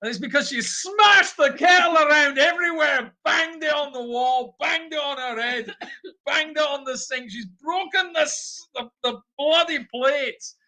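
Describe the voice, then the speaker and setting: A man's voice: very high voice, measured pace, pitched above the performer's own voice, heavily acted. A man putting on a ranting Scottish woman. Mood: exasperated. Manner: shouty, frantic, swearing. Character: exasperated Scottish woman ranting about broken things.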